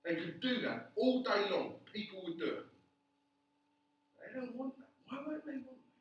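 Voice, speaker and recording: A man giving a classroom lecture, animated, often checking in with the class by asking "yeah?". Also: very high voice, normal speed. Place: lecture room. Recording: echoey classroom, distant, dull.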